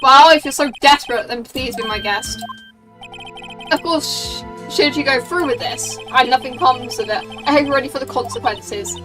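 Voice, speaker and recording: A woman's voice: high-pitched, normal speed, natural voice. A woman doing a haughty old prosecutor. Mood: scornful. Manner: haughty, scornful. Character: stern pompous older male prosecutor. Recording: distant mic with game music.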